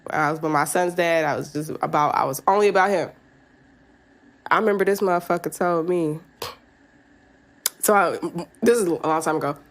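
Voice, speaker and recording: A woman's voice: lowish voice, normal speed, long pauses. A woman in her thirties hosting a podcast, telling a personal story frankly and with plenty of swearing, laughing often as she talks. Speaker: podcast host.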